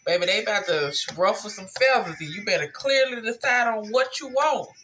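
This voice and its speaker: A woman giving a casual tarot reading, talking straight to her viewers in a relaxed, slangy way. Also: medium pitch, brisk, slight background noise. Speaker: tarot reader.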